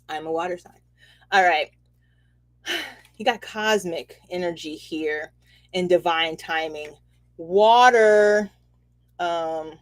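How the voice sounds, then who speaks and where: Chatty, animated woman. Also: fairly low pitch, measured pace. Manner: animated, chatty, laughs often, says "okay?" a lot. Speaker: spiritual reader and host. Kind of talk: casual livestream reading.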